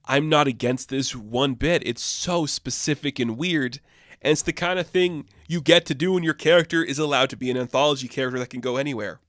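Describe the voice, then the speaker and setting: A man's voice: medium pitch, a little fast, a bit bright, no room sound, studio quality. A man chatting casually and enthusiastically as a comic book reviewer, rambling with many fillers.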